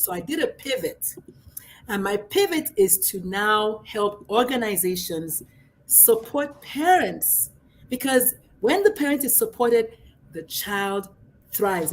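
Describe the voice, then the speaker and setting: Brash middle-aged woman guest, higher pitch, loud then soft, light noise behind. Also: expressive, a little slow. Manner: brash, outspoken, swings between loud and soft. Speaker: guest, pediatrician and life coach. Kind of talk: casual livestream chat.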